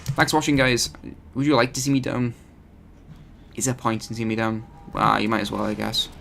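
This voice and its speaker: A man's voice: medium pitch, level tone, a little fast, creaky, a bit bright, slight background noise. A man hosting his gaming channel, giving rambling, chatty live commentary over his gameplay and often correcting himself.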